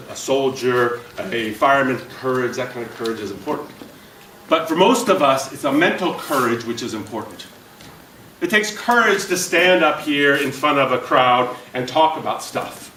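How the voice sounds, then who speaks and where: A man giving an energetic, jokey motivational talk to a business audience and questioning the crowd. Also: mid-range voice, reverberant, recorded from a distance, a little hiss or hum, poor audio. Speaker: speaker at a business event. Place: event room before an audience.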